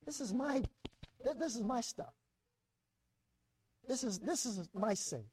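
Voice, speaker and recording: A middle-aged American pastor delivers a sermon, repeating words and shifting between loud and soft for emphasis. His voice is husky and very high-pitched, with lively intonation and an unhurried pace.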